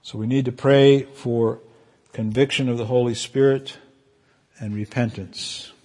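A man preaching a sermon as pastor, fervent and emotional, with his voice climbing high at moments of feeling. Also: steady tone, a little slow, warm tone.

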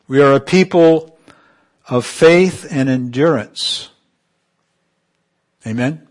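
A man preaching a sermon, calling on the congregation for amens and swinging from emphatic peaks to soft, quiet asides. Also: medium pitch, takes it slowly. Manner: call-and-response, rising to emphatic peaks then dropping soft.

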